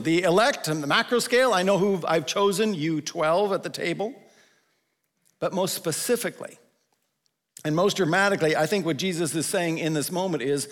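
A male pastor giving a conversational sermon, slowing down to stress the scripture he quotes. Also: high voice, big-room sound. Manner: conversational preaching, quotes scripture with slowed emphasis.

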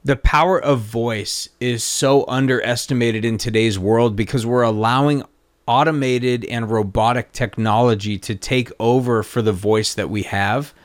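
A man's voice: mid-range voice, fairly even intonation, normal speed, no room sound. A man with a mid-range voice talks loosely on a podcast, full of "like" and curse words, drifting between thoughts. His voice sounds close and dry, recorded in a cluttered home studio. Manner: rambling, profane, lots of fillers. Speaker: podcast host. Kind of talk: casual podcast chat.

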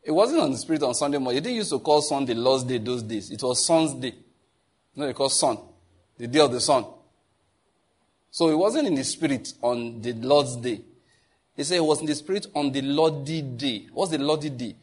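Male preacher, husky voice, lively sermon style with laughs and asides to the room. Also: medium pitch, fairly quick. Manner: animated, laughs often, asks the audience questions. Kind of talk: sermon teaching.

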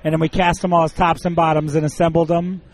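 A man's voice: a little high, flat delivery, fast talker, low-quality recording. Enthusiastic man rambling about a hobby. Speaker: podcast co-host. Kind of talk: casual chat.

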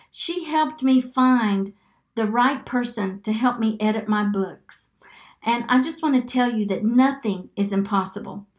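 Slow, earnest woman preaching over soft music. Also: fairly high pitch. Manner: earnest, leads listeners in slow repeated declarations. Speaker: podcast host. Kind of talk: devotional preaching. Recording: echoey room with faint music behind.

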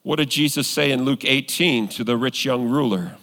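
A man's voice: medium pitch, normal speed, fairly bright tone. Earnest male pastor preaching in a reverberant hall. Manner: earnest, conversational preaching with rising emphasis. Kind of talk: sermon.

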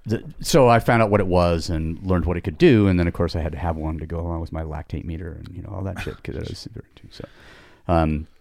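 Low-voiced rambling middle-aged man. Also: fast, a little mellow, no echo, clean studio sound. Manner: rambling, many restarts and asides. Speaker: podcast guest. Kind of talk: casual storytelling.

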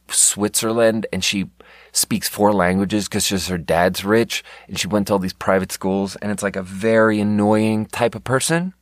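Low-voiced man ranting sarcastically. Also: no echo, studio quality. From Europe. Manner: rambling, sarcastic, swears often. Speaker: podcast host. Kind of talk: unscripted podcast rant.

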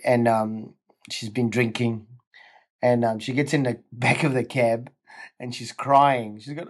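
A male comedian guest telling lively anecdotes in casual chat, often breaking into laughter. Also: mid-range voice, measured pace. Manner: animated anecdotes, frequent laughter.

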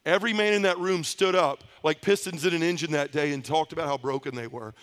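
High-voiced man giving a testimony. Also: fast talker, clean tone. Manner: lively storyteller acting out voices. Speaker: conference speaker. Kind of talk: personal testimony to a men's conference.

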